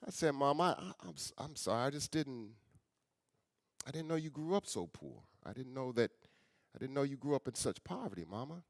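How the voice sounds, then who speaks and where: A middle-aged man, a guest speaker and author, telling a personal story in an earnest, conversational way and often dropping to a soft, quiet voice. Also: mid-range voice, animated, a little fast, no room sound, studio quality. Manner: earnest, conversational, addresses audience as y'all; often drops soft and quiet for emotional moments.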